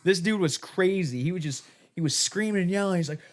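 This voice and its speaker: A man's voice: sits high, brisk. A man hosting a podcast, telling a rambling, profanity-laced story in casual chat. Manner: rambling, profane, laughing often. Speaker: podcast host.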